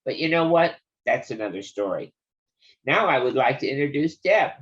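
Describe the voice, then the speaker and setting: A woman's voice: very deep voice, expressive, normal speed. An older woman reading a family story aloud in a wry, conversational manner. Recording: dull lo-fi recording.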